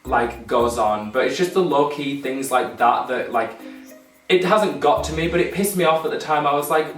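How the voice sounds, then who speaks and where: A man's voice: fairly high pitch, normal speed, a bit bright, soft background music. A young man telling stories in a casual vlog, chatty and laughing often, swearing freely. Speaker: vlogger. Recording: echoey room, mic at a distance.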